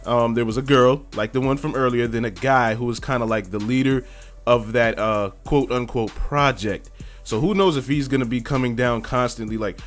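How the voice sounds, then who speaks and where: Male host, chatty and joking, mid-range voice, light music under him. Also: mid-range voice. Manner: joking, chatty, laughs often. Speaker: video host. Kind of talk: casual trailer commentary.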